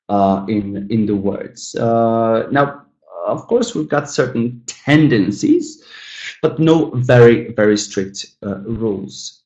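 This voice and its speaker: Over poor audio, a man teaching English online chats easily with his class at a normal mid pitch. Calling his students "guys" again and again, he draws out example words slowly so they can hear the stress.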